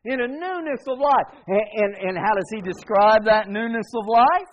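High-voiced emphatic male preacher. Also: animated, normal speed, lo-fi sound. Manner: call-and-response with congregation, emphatic repetition. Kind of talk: sermon.

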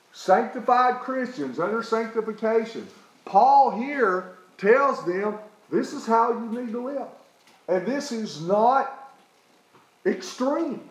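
With a high voice captured in a roomy, low-quality recording, an East Tennessee preacher delivers a sermon that includes a personal story. His manner is folksy, and he keeps checking on the congregation with a frequent "okay?"

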